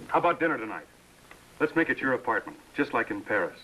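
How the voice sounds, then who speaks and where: A man's voice: mid-range voice, sing-song, fast talker, pushed and bright, husky, heavily acted, poor audio. An actor playing a joking, teasing American businessman-adventurer, in 1950s TV drama style.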